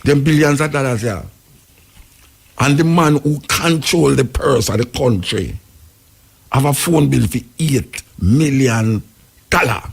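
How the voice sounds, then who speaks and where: A man's voice: medium pitch, measured pace, vocal fry, long pauses, slightly rough. A Jamaican man hosting a talk radio show, delivering rambling, emphatic commentary in patois.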